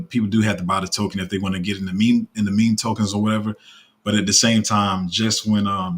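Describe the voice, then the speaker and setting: A man giving casual commentary as a crypto YouTuber, rambling with lots of fillers and restarts, his throat a bit rough. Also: fairly low pitch, a bit bright.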